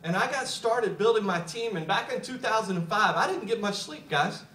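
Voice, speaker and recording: Bright high-voiced man giving a motivational talk. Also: expressive, moderate pace. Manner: repeats words when starting sentences, chuckles often. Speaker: speaker at a business opportunity meeting. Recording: echoey room, voice picked up from a distance.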